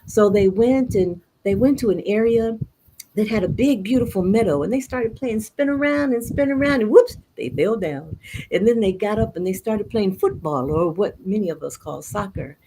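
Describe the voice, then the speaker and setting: A woman's voice: medium pitch, expressive, normal speed, mellow, breathy edge, poor audio. A woman storyteller telling stories in an interview. She talks expressively and mixes Spanish words into her English. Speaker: storyteller guest.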